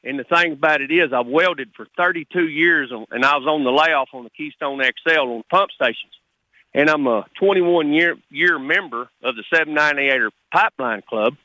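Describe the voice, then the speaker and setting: Fired-up caller, bright and tense. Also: male voice, a little high, dry recording, low-quality recording. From Texas. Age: middle-aged. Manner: heated, rapid, blunt working-man talk. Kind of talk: call-in radio.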